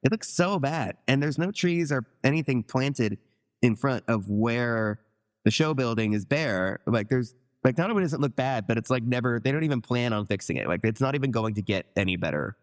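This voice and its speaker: A man's voice: medium pitch, expressive, moderate pace. A man co-hosting a theme park podcast, chatting conversationally and often leaning on "like". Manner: conversational, leans on "like". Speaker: podcast co-host. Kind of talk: casual podcast discussion.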